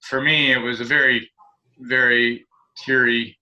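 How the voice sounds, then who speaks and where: Bright-voiced earnest man. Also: medium pitch, flat delivery, a little slow, highs cut off. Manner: proud, earnest and effusive. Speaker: team leader and host. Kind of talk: casual video call chat.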